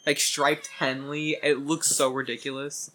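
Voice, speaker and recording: Rambling, self-mocking podcast co-host. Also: female voice, a bass voice, little pitch movement, a little slow, fairly bright tone, a little hiss or hum, low-quality recording. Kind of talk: casual chat.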